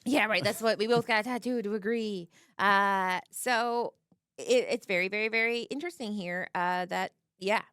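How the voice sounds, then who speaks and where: A woman's voice: mid-range voice, clean tone, dry recording, clean studio sound. Playful woman commentating a card game. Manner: animated, playful, quick to laugh and act out quotes. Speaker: tournament commentator.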